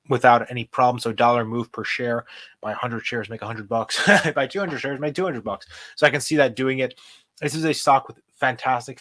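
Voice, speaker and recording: A man's voice: medium pitch, dry recording. Chatty young man talking through stock charts. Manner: chatty, thinks out loud while reading charts. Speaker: host. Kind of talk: casual livestream stock commentary.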